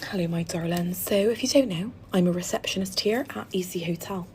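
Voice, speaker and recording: A woman's voice: lowish voice, a little fast, a little mellow, slight background noise. A woman, a hotel receptionist, telling a casual storytime rant in a chatty, blunt, exasperated way and swearing freely.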